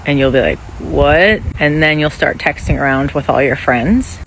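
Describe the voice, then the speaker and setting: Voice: mid-range voice, fairly even intonation, brisk, creaky, a bit bright, slight background noise, rough recording. Anxious candid vlogger, swearing freely. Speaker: laid-off office worker. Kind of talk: casual selfie vlog.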